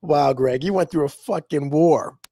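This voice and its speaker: A man's voice: a little high, moderate pace, warm tone, dry recording. A man with a New Jersey accent hosting a podcast, feeding his co-host short, amused questions. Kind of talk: casual chat.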